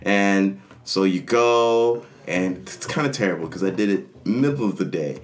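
A man chatting casually about a video game, telling stories with lively energy and acting out characters in funny voices. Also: low-pitched, measured pace. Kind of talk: casual gaming chat.

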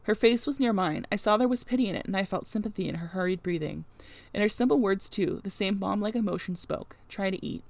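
A woman reads a classic novel aloud, expressive and steady, with wry casual asides. Her voice sits at an ordinary pitch. The recording is dry and close, with no room around it. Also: fast talker, no echo. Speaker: audiobook reader.

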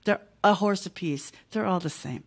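A woman's voice: lowish voice, moderate pace, creaky. A woman in her fifties, a small business owner talking as a podcast guest in a chatty, emphatic way, often checking in with "right?" and "okay?". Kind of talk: casual podcast interview.

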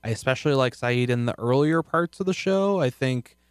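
A man chatting casually about a TV show as co-host, rambling and restarting, often trailing off quietly. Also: medium pitch, expressive, fairly quick, clean tone, dry recording, studio quality. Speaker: podcast co-host.

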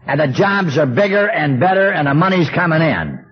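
A man's voice: a little high, expressive, moderate pace, breathy edge. A middle-aged man telling a humorous recovery story, acting out the voices he quotes. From Southern California. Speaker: speaker at a recovery meeting. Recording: dull old lo-fi tape with faint hiss.

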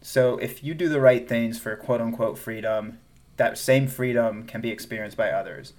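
Southern American man, chatty and animated. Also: mid-range voice, moderate pace. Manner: animated, laughs often, trails off and restarts. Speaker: podcast co-host. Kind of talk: casual chat.

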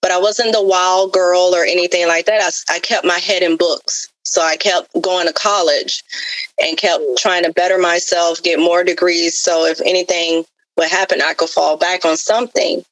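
A woman's voice: on the low side, little pitch movement, normal speed, a bit bright, no echo, rough recording. Earnest woman telling her life story. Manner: earnest, repetitive, with many fillers; openly spiritual. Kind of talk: heartfelt personal testimony.

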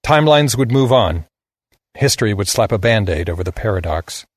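A man's voice: fairly low pitch, expressive, a little fast, dry recording, studio quality. A man giving a scripted narration of a story in a blunt, sardonic manner.

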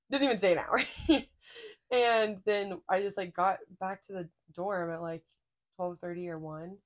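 A woman's voice: mid-range voice, fairly even intonation, measured pace. A young adult woman co-hosting a podcast, telling stories in a casual, rambling way full of fillers and laughter. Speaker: podcast co-host. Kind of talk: casual chat.

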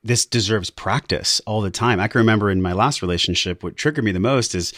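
A man's voice: on the low side, fairly quick, a bit bright, no echo, clean studio sound. A man hosting a podcast, talking in an easygoing, affirming way. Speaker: podcast host. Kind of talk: casual conversational interview.

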